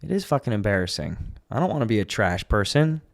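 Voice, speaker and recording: A man's voice: lowish voice, fast talker, creaky. Profane, jokey man in casual chat. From family from Canada. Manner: profane, jokey, animated when riffing. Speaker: podcast co-host.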